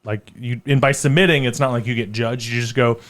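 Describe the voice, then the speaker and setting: A man's voice: medium pitch, steady tone, a bit bright. Rambling self-deprecating comedian man. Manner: rambling, self-deprecating, halting with many fillers. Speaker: comedian guest. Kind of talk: casual podcast chat.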